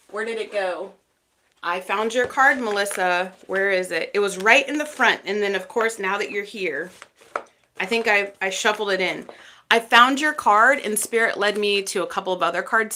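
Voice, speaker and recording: A woman from Texas hosting a tarot livestream, chatting casually and thanking viewers by name as they join. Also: mid-range voice. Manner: chatty, warm thanks to each viewer by name, frequent fillers.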